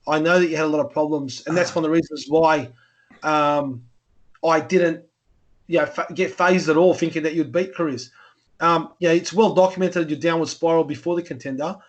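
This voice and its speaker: Aussie guy hosting a podcast, highish voice, rambly and loose, swears. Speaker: podcast host. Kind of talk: casual podcast interview.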